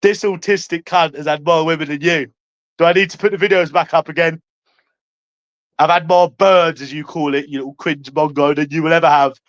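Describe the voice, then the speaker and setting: A man ranting to camera in a taunting, profane way, tagging lines with "mate" and swinging between loud and hushed. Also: a little high, steady tone, brisk, dry recording. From London. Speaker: vlogger.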